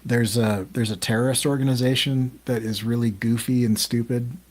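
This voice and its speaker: A man's voice: mid-range voice, fairly even intonation, moderate pace, a little mellow. A man co-hosting a podcast in casual group chat, talking in a rambling way with many ums and restarts. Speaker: podcast co-host.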